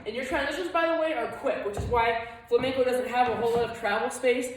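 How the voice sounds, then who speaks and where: A woman's voice: fairly high pitch, fast, heavy reverb, distant mic, background noise. A woman teaching a flamenco dance class, explaining steps and chanting the rhythms and counts aloud.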